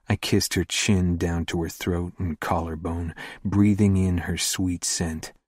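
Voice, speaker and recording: A man narrating a first-person romance audiobook in a slow, hushed, intimate delivery. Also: low voice, slightly rough, no echo, studio quality.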